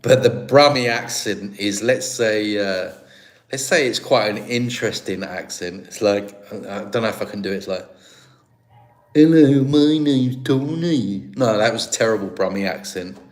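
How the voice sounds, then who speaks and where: English man, livestream host, rambling casual chat, lowish voice, laughs easily. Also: steady tone, moderate pace. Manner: rambling, chatty, with frequent restarts and laughs. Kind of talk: casual livestream chat reading viewer comments.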